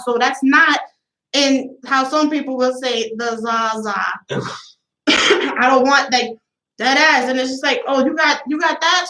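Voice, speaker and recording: A woman hosting a podcast, telling stories in a loose, profane, laughing way, high and a little out of breath. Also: sharp tone. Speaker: podcast host. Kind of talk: casual chat. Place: room with friends. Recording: echoey room.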